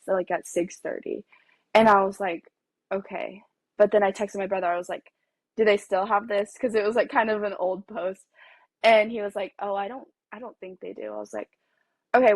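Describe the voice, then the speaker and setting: College-age woman guest, lively storyteller, dry close sound. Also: mid-range voice, no echo. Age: young adult. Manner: animated, acts out quoted dialogue, laughs often. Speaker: podcast guest. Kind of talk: storytelling in casual chat.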